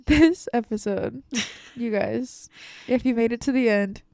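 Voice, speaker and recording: A woman's voice: a little high, measured pace, darkish tone, dry recording, clean studio sound. A young woman from Louisiana co-hosting a podcast, teasing and laid-back as she chats casually over a video call. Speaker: podcast co-host.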